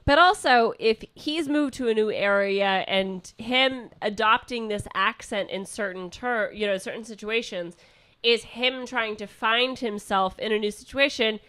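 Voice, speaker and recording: A woman's voice: fairly high pitch, measured pace, fairly bright tone. A woman co-hosting a comedy podcast, giving rambling, chatty opinions and reading questions. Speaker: podcast co-host. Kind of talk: casual comedy podcast talk.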